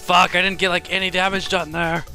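A man's voice: high voice, flat delivery, fairly quick, creaky. A man playing a hard game and commenting live, swearing a lot and screaming when he is in danger. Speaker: gaming video host. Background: game music.

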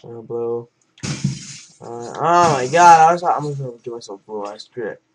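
A man's voice: mid-range voice, expressive, moderate pace, a little hiss or hum. A young man giving casual gameplay commentary as host of his own channel, rambling, swearing often and trailing off into mumbles.

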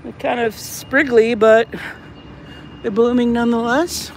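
A woman's voice: fairly high pitch, fairly even intonation, measured pace, pauses often, slight background noise. A woman with a slight Southern drawl, chatting casually while filming a walking vlog outdoors. She rambles and breaks into mock-officious announcements. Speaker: vlogger filming outside a church building. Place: outdoors, walking around grounds.

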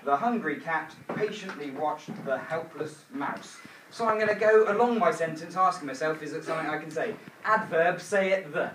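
A man's voice: fairly high pitch, normal speed, a bit bright. A man teaching a primary school grammar lesson, drilling a repeated chant in call-and-response style. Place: school classroom. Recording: echoey room, far from the mic, noisy.

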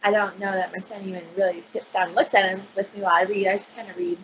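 A woman's voice: mid-range voice, steady tone, fast talker, a bit bright, muffled recording, a little hiss or hum. A woman librarian chatting casually on a video call, gushing about picture books with lots of fillers. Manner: bubbly, gushing, filler-heavy.

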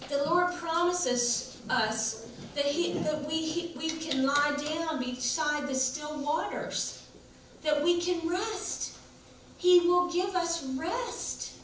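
Woman pastor, high voice, slow sermon, folksy; echoey church recording with hum. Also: fairly bright tone. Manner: folksy, chatty storytelling with laughs. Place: church sanctuary. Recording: echoey church room, mic far off, background hum.

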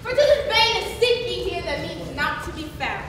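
A woman playing a calm young man, a friend who reasons with a joker, in a live stage show. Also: extremely high pitch, brisk. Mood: reasoning. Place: school building during a performance. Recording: very echoey distant camera, loud noise.

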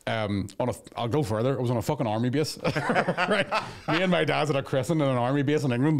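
Man, rapid-fire delivery, animated storyteller, swears a lot, podcast banter. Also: mid-range voice. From Northern Ireland. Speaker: podcast co-host. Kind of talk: casual chat.

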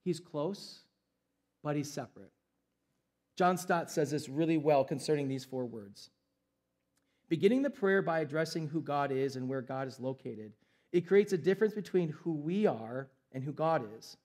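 A man's voice: a little high, lively intonation, moderate pace, a little mellow. A young adult man, a pastor preaching a sermon in an emphatic, conversational way.

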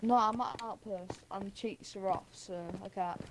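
A woman's voice: mid-range voice, steady tone, normal speed, noisy background. A young woman chatting casually while gaming, giggling and denying things defensively. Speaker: gaming partner. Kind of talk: casual gameplay chat.

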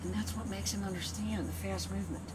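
This noisy outdoor clip has a woman with a medium-pitched, steady voice talking fast while training her dog. She keeps the demo casual, chatty and playful, with sing-song repetition.

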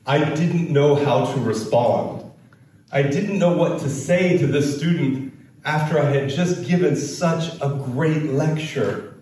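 An American-born man giving a storytelling talk as a keynote speaker, with slow, dramatic delivery and acted quotes. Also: on the high side, a little mellow, heavy reverb, distant mic, a little hiss or hum, rough recording. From United States.

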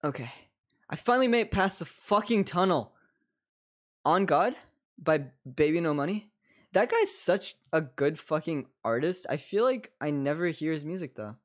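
A young man streaming a game and chatting casually, swearing a lot, giggling and breaking into excited bursts. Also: a little high, moderate pace. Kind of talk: casual gameplay chat.

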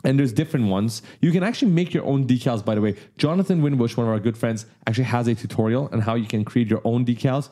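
Man teaching a 3D tutorial, mellow. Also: medium pitch, quick pace, hardly any pauses. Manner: enthusiastic, explains simply. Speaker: tutorial host. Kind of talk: casual software tutorial.

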